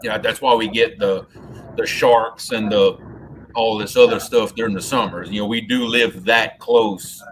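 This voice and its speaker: This Louisiana man speaks with a Southern Louisiana drawl while chatting casually on a fishing live stream, repeating words as he goes. His voice is fairly low and a bit bright, with fairly even intonation and a measured pace. Faint outdoor noise sits in the background.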